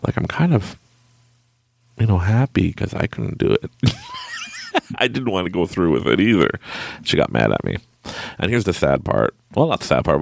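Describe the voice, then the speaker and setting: A man's voice: low-pitched, vocal fry, no echo, studio quality. A young man hosting a podcast, telling a personal story in a casual way and laughing often at himself. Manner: laughs often, animated and self-mocking. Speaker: podcast host.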